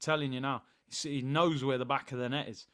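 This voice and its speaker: A man hosting a live football watchalong, chatting excitedly with viewers. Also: medium pitch, quick pace. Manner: excitable, hyping up the live chat.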